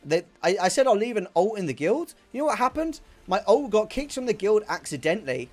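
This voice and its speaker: A man's voice: high-pitched, sing-song, fairly quick, darkish tone. A young man, a gaming streamer, angrily ranting and swearing as he chats while he plays, often repeating himself. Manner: angry, profane, repeats himself.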